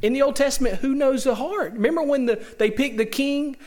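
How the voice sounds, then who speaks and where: A man preaching a sermon in a lively, joking way, often tossing rhetorical questions to the congregation. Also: extremely high pitch, fairly quick.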